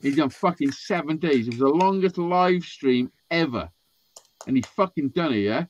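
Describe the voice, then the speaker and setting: Talking at a moderate pace in a slightly high voice, a man rambles through a curse-laden story during casual podcast chat. He gets animated, performing other people's lines, and the audio is dull and lo-fi.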